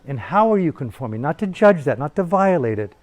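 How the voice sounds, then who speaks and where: A man's voice: fairly high pitch, very animated, fairly quick, a little mellow. Provocative, swearing male meditation teacher. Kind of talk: profane dharma talk. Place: retreat hall in Bali.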